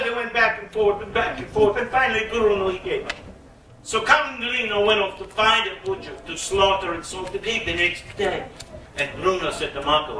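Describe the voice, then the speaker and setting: Playful, bright-voiced male storyteller. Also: high voice, a little hiss or hum. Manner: playful, bawdy, drawn-out comic delivery. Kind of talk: live storytelling performance. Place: live concert venue. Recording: roomy echo, mic at a distance.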